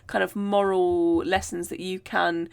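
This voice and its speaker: A woman's voice: fairly low pitch, flat delivery, a little slow, creaky, clean tone. A young woman hosting a podcast, retelling myths in a chatty, playful way with gushing asides. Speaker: podcast host. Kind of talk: casual myth retelling.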